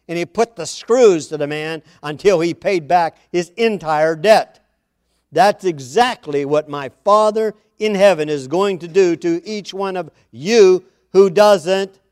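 A man's voice: sits high, a little mellow, clear, resonant tone, no echo, clean studio sound. A man preaching a sermon, reading scripture aloud and pressing his points with repeated phrases and questions to the congregation. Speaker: pastor.

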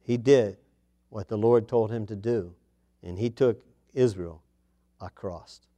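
Slow, dramatic male preacher. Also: on the low side, dull audio. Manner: dramatic, shifts between loud declaring and hushed asides; reads scripture aloud with emphasis. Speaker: pastor. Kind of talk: sermon.

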